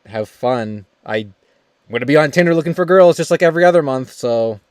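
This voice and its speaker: A young man hosting a casual livestream while drawing, talking in halting, rambling bursts with quick laughs. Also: a little high, expressive, clear, resonant tone, no room sound, studio quality. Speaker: streamer host.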